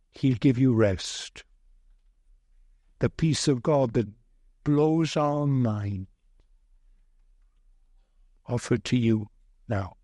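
A man preaching a sermon as pastor, earnest and heavy with repetition and pauses. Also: medium pitch, warm tone, no room sound.

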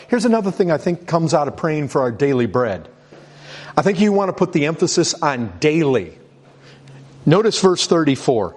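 A middle-aged male pastor delivers a conversational sermon in a slightly high voice at a normal pace, his pitch swinging widely. He stumbles through restarts and repeated words, reads scripture aloud, and builds a growing sense of urgency.

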